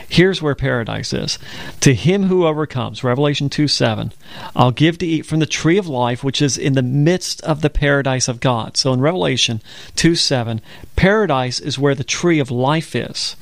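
Bible show co-host, man with a gravelly voice, earnest, dry studio sound. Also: mid-range voice, normal speed, no room sound. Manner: earnest storytelling, quotes scripture. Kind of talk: conversational religious broadcast.

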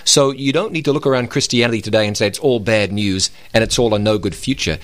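A man's voice: on the low side, fast talker, no echo. A man co-hosting a radio Bible program, asking questions and reflecting on scripture. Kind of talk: conversational Bible discussion.

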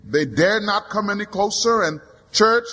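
A male pastor with a strikingly high voice delivers a sermon slowly and deliberately, stacking repeated refrains that rise into shouted climaxes. His words ring out with a long reverb, as in a large church sanctuary. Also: animated. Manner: rhythmic preaching with repeated refrains, rising to shouts.

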